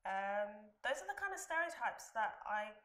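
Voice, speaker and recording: A woman's voice: fairly high pitch, sing-song, normal speed, fairly bright tone. Earnest Ugandan-born woman, echoey room. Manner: earnest, defending her home country. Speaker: interviewee. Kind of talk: interview recollection.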